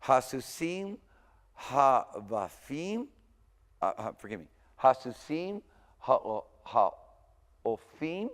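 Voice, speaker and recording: A man teaching a recorded university language class in a casual, thinking-aloud way, stopping often to correct himself. His middle-pitched voice carries a long reverb from the lecture room. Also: sing-song, very slow, pauses often.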